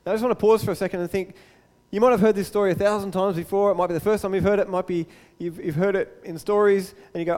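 A man preaching a sermon as a pastor, telling the story in a lively way and acting out the scenes. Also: high voice, racing, few pauses, long reverb tail. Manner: animated storytelling, acts out the scene.

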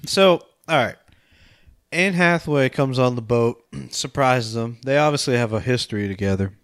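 A man chatting casually on a podcast, recapping a film with frequent laughs and swearing. His pitch sits mid-range. The sound is dry and close. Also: normal speed, fairly bright tone, no echo. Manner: laughs often, swears casually, acts out scenes. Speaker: podcast co-host. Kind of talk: casual movie-review chat.

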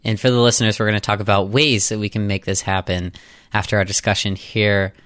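A man hosts a podcast interview with a smooth, clear voice. He asks his questions gently and kindly, and the sound is close and dry, with no room echo. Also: fairly low pitch, little pitch movement, a little fast. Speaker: podcast host.

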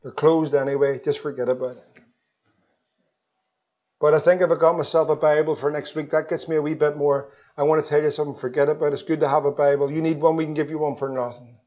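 A man preaching an evangelistic sermon, swinging between loud pleas and hushed tones. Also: a little high, level tone, rapid-fire, few pauses. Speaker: pastor. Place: church. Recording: dull lo-fi sermon recording.

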